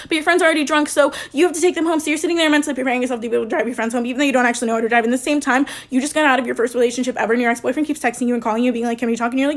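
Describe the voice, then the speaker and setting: Woman, very fast run-on narration, high pitch, acted quotes. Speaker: storyteller. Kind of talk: "put a finger down" storytime.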